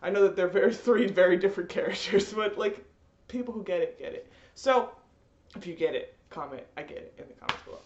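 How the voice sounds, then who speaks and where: A woman ranting in a rambling, animated way, full of fillers, in a roomy, slightly dull recording. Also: medium pitch, brisk. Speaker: vlogger. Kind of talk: ranting commentary.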